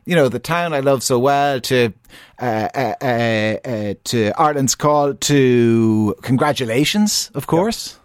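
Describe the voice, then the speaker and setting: A man's voice: mid-range voice, expressive, slow pace, clear, resonant tone, no echo, clean studio sound. A male interviewer asking long, stumbling questions, often repeating words as he frames them.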